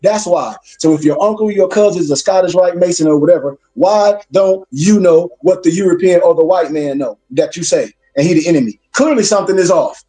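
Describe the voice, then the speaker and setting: A man's voice: sits high, a little fast, hardly any pauses, dark tone. A man lecturing his class as a minister, emphatic and preacherly, repeating his points for weight.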